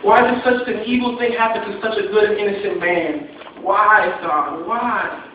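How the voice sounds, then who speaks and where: A man's voice: high-pitched, normal speed, a little hiss or hum. Impassioned preacher man, echoey and distant. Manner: impassioned, repetitive preaching with rising emphasis. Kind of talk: sermon. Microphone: phone from the audience. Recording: echoey, muffled phone recording from a distance.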